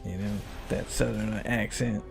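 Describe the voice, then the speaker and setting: Gravelly-voiced man chatting over game music. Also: on the low side, steady tone, unhurried. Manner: playful, laughs easily. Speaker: gamer co-hosting a game session. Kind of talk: casual chat while playing a video game. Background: game music and sounds.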